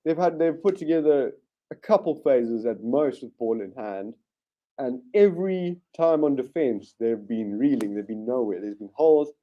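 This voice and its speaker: A man hosting a live rugby watchalong, giving excitable play-by-play commentary with sudden bursts of enthusiasm and frequent restarts. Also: mid-range voice, moderate pace, muffled recording. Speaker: watchalong host.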